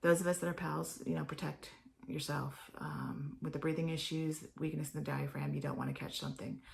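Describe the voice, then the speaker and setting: Low gravelly woman rambling to camera. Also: fairly even intonation, a little fast. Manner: chatty, meandering, drops to a whisper at times. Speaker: vlogger. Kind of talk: rambling casual vlog. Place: home office.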